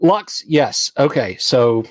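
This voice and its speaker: A man's voice: mid-range voice, very animated, takes it slowly, dry recording, clean studio sound. Chatty man hosting a livestream. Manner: chatty, reads viewer names aloud, laughs easily. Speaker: livestream host. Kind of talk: casual livestream chat.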